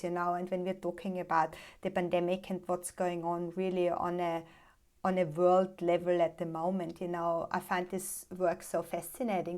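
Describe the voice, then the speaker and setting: A woman hosting a conversational podcast, speaking in a fairly low, even voice that stays flat in pitch. She reflects at length, letting her thoughts flow on in long sentences. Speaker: podcast host. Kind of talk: conversational interview.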